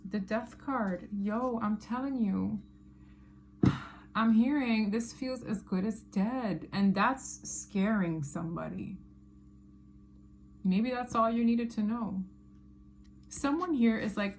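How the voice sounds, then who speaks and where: A woman's voice: medium pitch, a little hiss or hum. A woman giving a casual tarot reading to her viewers, chatty and emphatic, with slangy asides. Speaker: tarot reader.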